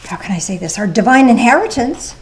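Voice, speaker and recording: A woman's voice: a little high, big pitch swings, brisk. Woman preaching a chatty sermon. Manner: conversational, with playful asides and rhetorical questions. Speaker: pastor. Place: church service.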